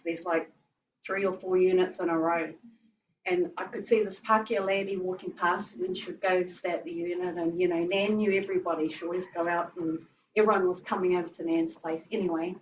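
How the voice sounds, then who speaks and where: A woman, giving a chatty, emotional tribute at a family gathering, often laughing. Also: on the low side. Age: 50s. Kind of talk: informal memorial speech. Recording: roomy, distant, muffled, faint hiss.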